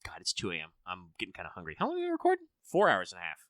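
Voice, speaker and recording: A man co-hosting a casual chat about games and shows, rambling with lots of fillers and quick mock voices. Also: sits low, huge pitch swings, fairly bright tone, dry recording. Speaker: podcast co-host.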